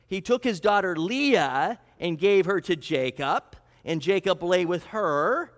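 A man preaching a sermon, telling a scripture story with lively acted-out quotes. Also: a little high. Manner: animated storytelling, acts out quotes. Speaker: pastor. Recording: long hall reverb.

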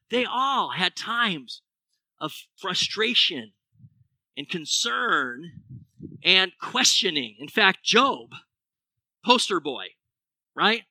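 Male pastor, middle-aged, high voice, dry close sound, animated sermon delivery with rhetorical questions. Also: no room sound, poor audio.

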